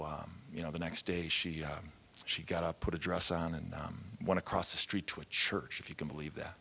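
A man's voice: sits low, fairly bright tone. A man, a pastor, telling his story in a candid, conversational sermon with self-deprecating humor.

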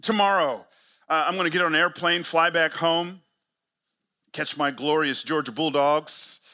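Guy preaching hard to church planters, high piercing voice, lots of rhetorical questions. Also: fairly even intonation, a little slow. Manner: emphatic, rhetorical questions, big swings in pitch and loudness. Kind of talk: sermon.

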